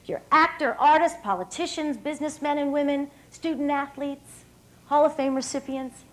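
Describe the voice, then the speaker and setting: A woman in her thirties from West Virginia speaks at a podium microphone on an evening banquet stage. Her high voice carries an upbeat, emphatic storytelling drive as she addresses the room. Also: normal speed, rough recording. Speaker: hall of fame speaker. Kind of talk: public speech.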